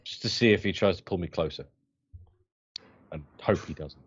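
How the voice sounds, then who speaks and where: Hesitant man with a low voice. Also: moderate pace, husky, dull audio. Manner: hesitant, stammering restarts. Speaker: player. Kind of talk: playing a tabletop game.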